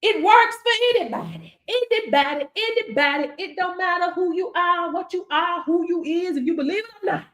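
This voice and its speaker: A woman's voice: extremely high pitch, normal speed, hardly any pauses, a bit bright. A woman coach giving a motivational faith-based pep talk. She preaches emphatically, chants affirmations and keeps calling out "Hello?" to her listeners. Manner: preacher-like, emphatic, with frequent "Hello?" call-outs; repeats affirmations in a rhythmic chant. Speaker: business coach.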